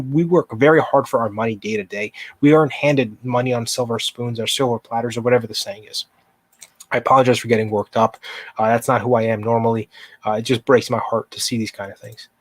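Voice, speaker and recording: A man hosting a live stock market show, speaking in an impassioned, emphatic way as he walks viewers through charts and answers chat. His voice sits at an ordinary middle pitch. The sound is close and dry. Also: steady tone, quick pace, no room sound. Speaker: livestream stock market host.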